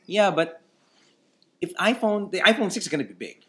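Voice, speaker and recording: A man's voice: high-pitched, normal speed. A man co-hosting a casual podcast, reading news items aloud and chatting about them, laughing often. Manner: lively, laughs often, reads stories aloud then comments. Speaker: podcast co-host.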